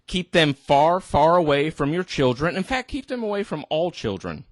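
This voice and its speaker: A tipsy vlogger rants indignantly to the camera, exasperated, tripping over his words and restarting. His voice is slightly high and sing-song, with no room sound.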